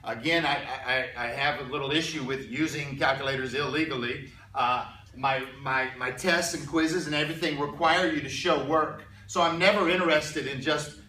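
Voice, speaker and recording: A man teaching a calculus class, chatty and stumbling over repeated words, clearing his throat now and then. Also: a little high, fairly even intonation, moderate pace, few pauses, bright, forceful tone, a little hiss or hum. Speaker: math teacher. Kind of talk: classroom lecture. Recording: echoey room, mic far off.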